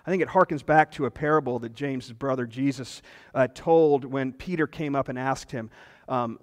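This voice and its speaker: A man's voice: mid-range voice, moderate pace, in a large hall. A man preaching a sermon as pastor, earnest and emphatic.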